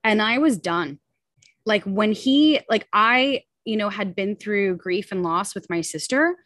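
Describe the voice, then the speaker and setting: A woman's voice: mid-range voice, expressive, fairly bright tone, dry recording. Candid woman telling her story, dry sound. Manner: candid, quick, full of likes and you-knows. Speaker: podcast guest. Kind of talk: personal story in a casual interview.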